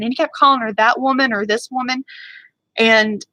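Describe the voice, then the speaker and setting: A woman beauty vlogger chatting casually on a livestream, answering viewers in a rambling, fired-up way and talking fast. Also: fairly high pitch, fairly even intonation, sharp tone, no echo, low-quality recording.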